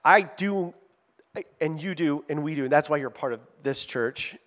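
A middle-aged man preaching a sermon in a lively, conversational way, with asides to his congregation. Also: a little high, normal speed. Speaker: pastor.

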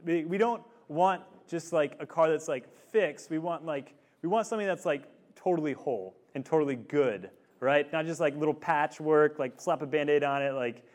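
Now with a fairly high pitch and a moderate pace, the same thirtysomething campus ministry speaker addresses college students in a room. His casual teaching talk meanders through a family story, heavy on fillers and "like."

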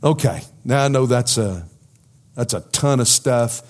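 A middle-aged man preaches a sermon, then takes questions from his congregation. His mid-range voice is expressive and unhurried, emphatic overall but dropping to a soft intensity at key points.

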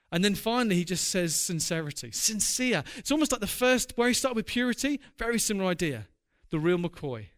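Male pastor, high voice, earnest sermon delivery that builds to fervent emphasis. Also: fairly bright tone.

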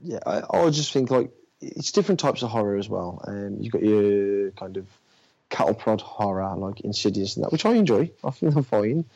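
A man's voice: lowish voice, expressive, normal speed, creaky, darkish tone, husky. A man in casual chat about films, talking hesitantly with many fillers and restarts. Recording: dull lo-fi audio.

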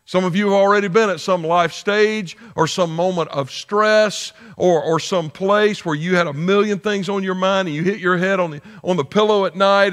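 A man's voice: sits high, a bit bright. A man pastor preaching a conversational sermon, often asking his listeners questions.

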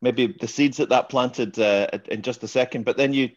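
A man's voice: mid-range voice, steady tone, normal speed. A man hosting a podcast, asking his guest questions and affirming his answers in an encouraging way. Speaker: podcast host. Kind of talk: interviewing a guest. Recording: muffled lo-fi sound.

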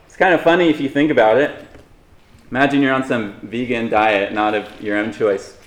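A man's voice: medium pitch, normal speed, echoey room. A man preaching a sermon in a conversational way, with light humorous asides to the congregation. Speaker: pastor.

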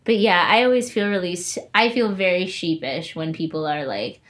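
A young woman with a lowish voice chatting casually. She laughs often and swears freely. She talks in a loose, relaxed flow as a martial arts student. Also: moderate pace. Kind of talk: casual chat.

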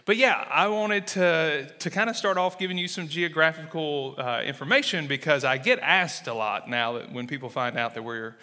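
Southern guy in his 30s, mississippi drawl, bright voice, folksy church talk, big echoey sanctuary. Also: on the high side, moderate pace, few pauses. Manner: folksy, self-deprecating, many fillers. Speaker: church planter, guest speaker. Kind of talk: sermon with personal testimony. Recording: long reverb of a large hall.

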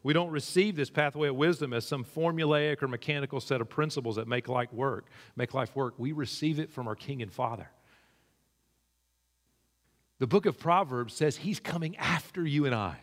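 A male pastor delivers a sermon in a relaxed, talking-it-through style, climbing higher when he drives a point home. His voice sits at an ordinary middle pitch for a man. A long reverb from the church hall trails after his words. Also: normal speed. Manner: conversational preaching, rising in pitch when emphatic.

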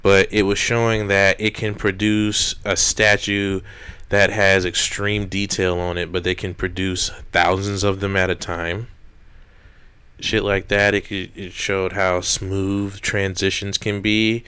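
Young male podcast co-host: low, smooth voice, rambling, swears freely. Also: flat delivery, a little slow, bright, forceful tone. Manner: rambling, profane, jokey. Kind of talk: casual chat.

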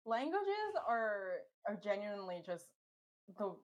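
A woman's voice: mid-range voice, very animated, measured pace, highs cut off. A young woman guest in a casual chat, talking freely with lots of restarts. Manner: chatty, trailing restarts.

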